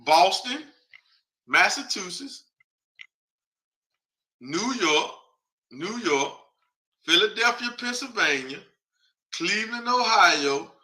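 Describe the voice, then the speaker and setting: Bright-voiced man thinking aloud on air. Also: high voice, animated, slow pace, long pauses. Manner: thinks aloud while reading a list off a map; speaks directly to viewers, chatty and informal. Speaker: host. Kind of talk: casual broadcast commentary.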